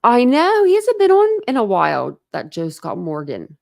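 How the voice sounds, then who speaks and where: A woman's voice: fairly high pitch, huge pitch swings, normal speed, gravelly. A woman from Ohio hosting a casual livestream chat, talking in a chatty, rambling way with many fillers. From Ohio, USA. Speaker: livestream host.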